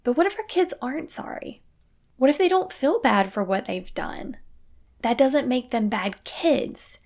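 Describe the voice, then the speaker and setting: A young woman hosting a parenting podcast, talking calmly and earnestly in a scripted solo talk. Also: sits high, unhurried. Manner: calm, earnest, acts out quoted phrases.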